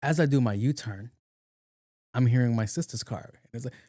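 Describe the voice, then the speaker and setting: Casting note: young New man, podcast host, mellow low-toned voice, loose and profane. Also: fairly quick, no echo, clean studio sound. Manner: profane, animated retelling with acted-out quotes. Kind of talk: casual solo storytelling.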